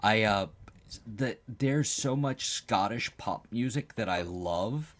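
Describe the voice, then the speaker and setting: A man's voice: lowish voice, animated, slow pace, a bit bright. A man co-hosting a casual chat, rambling and self-deprecating. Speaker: co-host.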